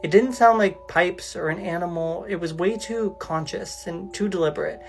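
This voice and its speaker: Low-voiced woman reading a creepy post. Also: normal speed, creaky, faint music behind. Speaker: storyteller. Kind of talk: reading an online post aloud.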